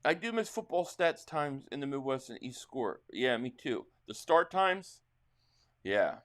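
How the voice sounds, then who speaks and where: Here's a middle-aged man, New Jersey accent, reacting live on stream to a football game with a mid-range voice and unhurried delivery. Between rambling exchanges with the chat, he jumps into excited calls of each play.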